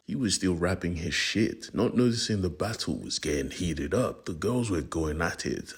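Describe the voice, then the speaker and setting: A man recounts a comic book plot in casual, profanity-laced slang with dramatic timing. His voice sits low and sounds husky, and he delivers the story as relaxed storytelling. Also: moderate pace, hardly any pauses. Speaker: comic recap narrator.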